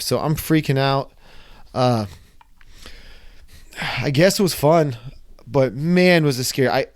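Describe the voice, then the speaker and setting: A young man casually telling a personal story, animated and acting out his own reactions. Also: fairly high pitch. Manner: animated, acts out his own screams and quotes.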